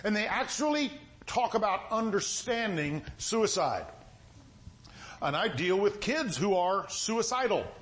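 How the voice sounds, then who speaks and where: A middle-aged man preaching a sermon in a folksy, conversational way, with a voice that sounds stern even when he is not angry. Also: high voice, measured pace.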